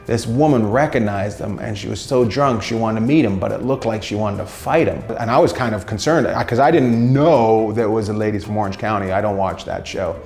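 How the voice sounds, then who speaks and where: A man doing stand-up storytime commentary, animated and jumping into loud high-pitched impressions. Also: a little fast, vocal fry, hardly any pauses, echoey room, faint music behind. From Canada. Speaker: stand-up comedian. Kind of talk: storytime commentary between clips.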